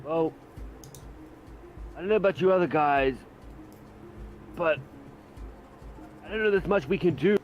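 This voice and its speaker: A man's voice: fairly high pitch, a little slow, long pauses, lo-fi sound, slight background noise. A man playing a tabletop game, arguing heatedly and swearing. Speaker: player. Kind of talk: tabletop role-play.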